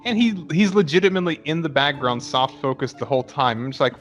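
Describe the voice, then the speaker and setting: A man co-hosting a casual movie podcast, talking rapidly with lots of filler words and casual swearing. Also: a little high, fairly bright tone, soft background music. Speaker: podcast co-host. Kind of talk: casual movie chat over beers.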